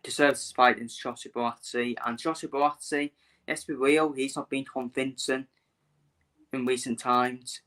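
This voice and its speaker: A man's voice: mid-range voice, level tone, a little slow, fairly bright tone. A man talking casually to viewers in a live stream, often repeating his phrases and filling gaps with "uh". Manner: repeats himself, fillers, talks to viewers. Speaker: boxing vlogger.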